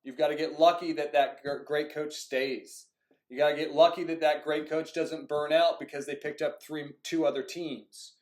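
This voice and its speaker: A man talks through his years coaching youth soccer in an animated, storytelling way, acting out old conversations. His voice sits a little high, and the room gives it a noticeable echo. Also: moderate pace. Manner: frequent "like" fillers. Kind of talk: casual monologue. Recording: echoey room.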